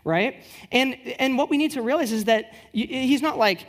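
A woman giving a casual teaching talk at church, conversational with rhetorical questions and lively storytelling. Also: high voice, normal speed, breathy edge. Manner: lively storyteller who acts out quoted dialogue.

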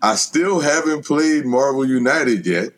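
A man talking in an unhurried, easygoing way in a casual group chat. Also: mid-range voice, expressive. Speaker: panelist.

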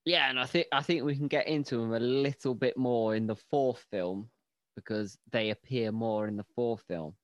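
A man's voice: mid-range voice, moderate pace, no echo, muffled recording. Jokey man, crude podcast banter. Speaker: podcast co-host. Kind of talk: casual film review chat.

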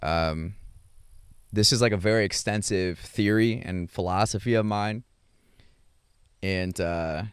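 A young adult man talking casually about his dating life, halting often with fillers and restarts and chuckling between thoughts. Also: on the low side, clean tone, dry recording, clean studio sound. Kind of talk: casual rambling monologue.

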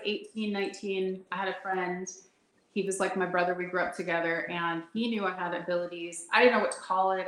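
A woman guest telling personal stories in a conversation, animated and laughing often as she acts out what people said. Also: medium pitch, roomy sound, poor audio. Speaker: intuitive guest. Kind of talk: storytelling in a conversation.

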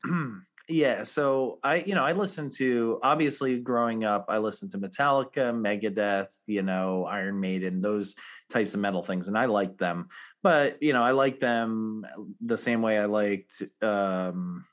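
Male podcast co-host, 40s, lowish voice, animated storyteller who laughs easily. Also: a little slow. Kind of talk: casual chat.

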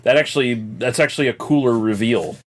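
A man's voice: mid-range voice, fast. A man co-hosting a podcast, talking about a movie in a laid-back, agreeable way with lots of fillers. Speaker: podcast co-host. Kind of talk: casual movie review chat.

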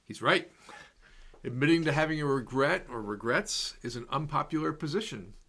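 A man preaching a sermon in a slow, measured, reflective way, letting repeated words fall soft and quiet. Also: on the high side, expressive.

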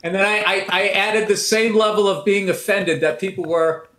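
Animated high-voiced man, roomy echo. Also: slight background noise. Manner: animated, riffing, mocking, with quick impressions. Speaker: comedian guest. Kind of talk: casual interview chat.

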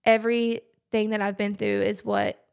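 A young woman talks earnestly and openly, with plenty of "like" fillers. Her voice carries a noticeable vocal fry, and her pitch sits in an ordinary middle range. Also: big pitch swings, moderate pace. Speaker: podcast guest. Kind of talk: casual conversation.

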